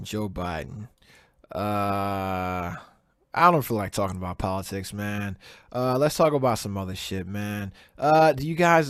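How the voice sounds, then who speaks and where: A mid-range male voice, no echo, from a podcaster ranting casually on his own show into a close desk mic with a virtual video background. He swears freely and keeps repeating himself as his anger builds.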